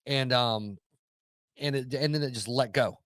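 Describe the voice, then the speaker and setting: A man of middle pitch tells a story on a casual podcast, cursing freely and getting animated. The recording is close and dry, with no room sound. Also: unhurried, no echo. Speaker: podcast co-host. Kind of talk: casual chat.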